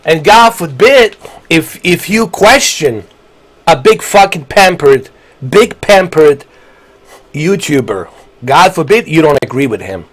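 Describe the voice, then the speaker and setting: Man, 40s, fairly high voice, furious profane game-stream rant. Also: very animated, slow. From Bosnia. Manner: angry, profane, combative. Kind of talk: ranting live-stream commentary.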